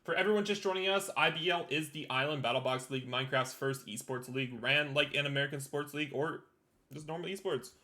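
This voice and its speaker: A man's voice: fairly high pitch, fast talker, bright, forceful tone. A young man hosting a live-streamed esports draft, talking with frequent ums and uhs. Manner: hesitant, many ums and uhs. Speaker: draft host and team owner.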